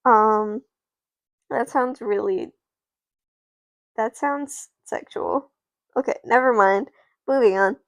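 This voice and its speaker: Slow, gravelly young woman narrating play. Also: on the high side, dry recording. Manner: rambling, self-interrupting. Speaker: player narrating doll play.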